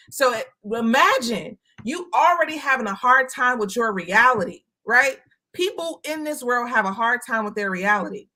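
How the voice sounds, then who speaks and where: A woman's voice: a little high, sharp tone. A woman from Chicago talking candidly in a casual chat, emphatic and blunt, swearing now and then. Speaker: co-host.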